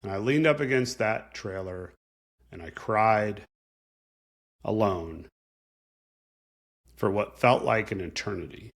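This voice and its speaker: A man's voice: on the low side, slow pace, long pauses. A man hosting a podcast, telling a personal story in an earnest, reflective way. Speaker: podcast host.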